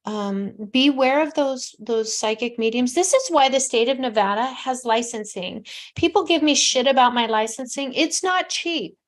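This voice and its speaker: A woman in her sixties talks as a psychic show host, her voice sitting a little high. She speaks with emphatic conviction, then drops into soft, hushed near-whispers while giving heartfelt advice. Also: animated, normal speed. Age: 60s. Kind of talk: casual call-in advice talk.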